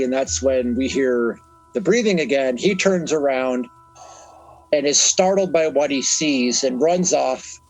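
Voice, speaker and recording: A man's voice: medium pitch, low-quality recording. A young man co-hosting a podcast, recapping a horror film in loose, profane chat and laughing often. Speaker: podcast co-host. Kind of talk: casual movie review chat.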